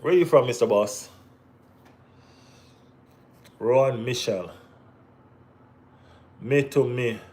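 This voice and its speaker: A Jamaican man hosting a casual football watch-along stream, bantering with viewers in relaxed Caribbean slang. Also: medium pitch, a little slow. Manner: laid-back banter with Caribbean slang, bursts of excited teasing. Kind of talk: casual live-stream chat reading viewer comments.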